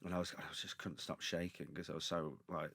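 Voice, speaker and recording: A comedian telling rambling anecdotes in casual chat, acting out quotes in lively voices. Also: male voice, deep voice, quick pace, creaky, dry recording. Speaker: comedian guest.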